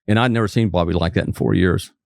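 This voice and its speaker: A man's voice: low-pitched, quick pace, gravelly, no room sound, studio quality. An older man from West Virginia, a former trooper turned physician, telling folksy stories as a guest and acting out the quotes. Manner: folksy anecdote teller, acts out quotes. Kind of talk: casual storytelling interview.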